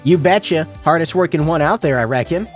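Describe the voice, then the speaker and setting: A man putting on a loud Southern gal. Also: a little high, expressive, a little fast, faint music behind, pitched above the performer's own voice, lightly acted. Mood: brash. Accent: Southern US, put on. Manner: folksy drawl, loud and bossy. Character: brash southern woman photographer, loud and pushy.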